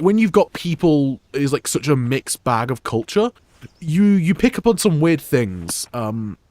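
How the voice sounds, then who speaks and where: A young UK streamer with a voice on the high side rambles through casual gameplay chat, caught in a dry recording. He speaks with an English accent touched by Scottish, and he keeps restarting and filling gaps with fillers.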